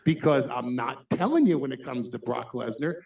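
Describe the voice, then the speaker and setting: A man's voice: medium pitch, lively intonation, normal speed, vocal fry, darkish tone. A man hosting a wrestling podcast, telling stories in an emphatic, conspiratorial way. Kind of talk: casual chat. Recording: echoey room, far from mic.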